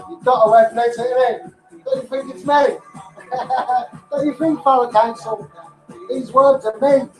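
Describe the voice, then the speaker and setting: A Scouse man live streaming in a hyped-up, boastful rush, his voice sitting high. The room rings with echo. Faint music plays behind him. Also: steady tone, a little slow, pauses often, darkish tone. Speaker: online campaigner.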